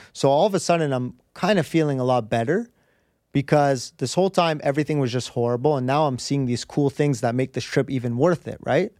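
A man's voice: mid-range voice, a little mellow, dry recording, clean studio sound. A man as a podcast guest, telling a personal story in an earnest, rambling way with many restarts. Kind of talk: candid storytelling in conversation.

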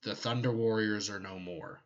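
A podcast co-host with a fairly low, steady voice speaks at a moderate pace, animatedly explaining a fictional universe's lore in casual chat with joking asides. The recording's highs are cut off.

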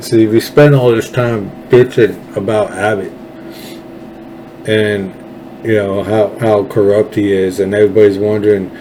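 A man's voice: fairly low pitch, fairly even intonation, measured pace, a little mellow, a little hiss or hum, poor audio. A Texan man hosting his own show, ranting about politics in an angry, profane, sarcastic way. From Texas. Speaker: political commentary host. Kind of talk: ranting solo commentary.

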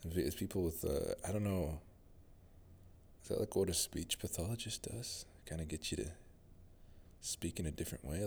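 A man's voice: low voice, moderate pace, gravelly, mellow, slightly rough. A man with a General American accent, rambling through a casual solo monologue as a podcast host. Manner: rambling, musing, many fillers and restarts.

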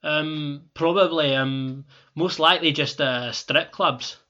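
A vengeful Scottish football manager, played by a man, blunt and crude in a comedy sketch. His Scottish voice sits a little high with a bright, tense edge. The recording is slightly muffled. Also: slow.

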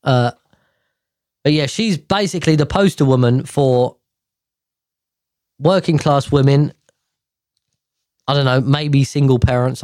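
A man talks in a loose, rambling monologue, restarting and correcting himself as he goes. His voice sits at an ordinary pitch, and the recording is dry and close. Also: darkish tone, no echo. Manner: rambling, self-correcting, chatty. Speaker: host. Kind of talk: casual monologue.

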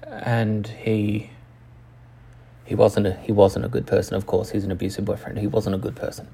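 A young man telling a personal story frankly and profanely, halting often with restarts. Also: fairly low pitch, little pitch movement, creaky, dark tone, slight background noise. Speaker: channel host.

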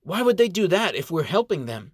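A man's voice: high-pitched, big pitch swings, a little fast, husky, dry recording, studio quality, pitched above the performer's own voice, full character voice. A man doing an earnest young elf. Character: young idealistic male fire elf.

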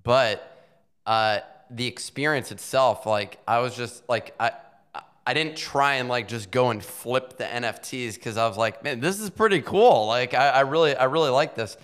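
A man hosting a casual podcast interview, relaxed and joking, and plugging a sponsor code. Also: medium pitch, normal speed, smooth. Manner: laid-back, joking, plugs sponsors. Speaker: podcast host.

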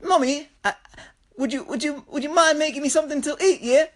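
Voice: high voice, brisk, pitched above the performer's own voice, natural voice. A speaker putting on a put-on Australian accent, voicing a young boy who pleads with his mother for food in a childish sing-song. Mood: whiny pleading.

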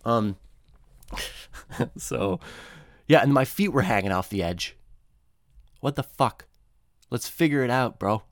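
A young man rambles through a profane comedic monologue, his pitch swinging widely from low mutters to sudden high squeaks. The sound is dry and close, with no room around it. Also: slow, long pauses, no room sound. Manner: rambling, profane, animated, jumps into high-pitched voices for quoted people.

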